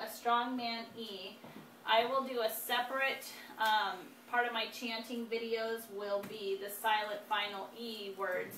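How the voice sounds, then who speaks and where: A woman in her thirties teaching spelling, dictating words slowly and deliberately with frequent fillers. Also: medium pitch, creaky, fairly bright tone. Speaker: homeschool teacher. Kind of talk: instructional demonstration. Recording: echoey room, distant mic, faint noise.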